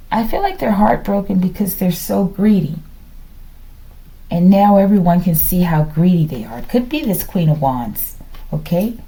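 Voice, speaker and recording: A woman's voice: medium pitch, warm tone, rough recording. Hyperactive woman musing through a tarot reading. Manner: hyperactive, musing aloud, keeps saying "collective". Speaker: tarot reader.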